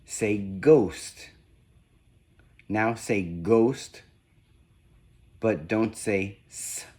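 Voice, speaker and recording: A man slowly giving spoken sound-swap drills, one deliberate prompt at a time. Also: lowish voice, darkish tone, husky. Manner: slow, deliberate, evenly paced prompts. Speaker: reading test examiner. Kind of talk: slow scripted phoneme drill.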